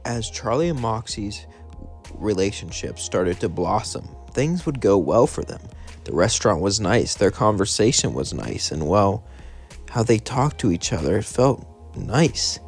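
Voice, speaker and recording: A man's voice: on the low side, sing-song, unhurried, soft background music. A man casually narrating a fan story in a rambling, hesitant way. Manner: rambling, hesitant with "well" and "as then".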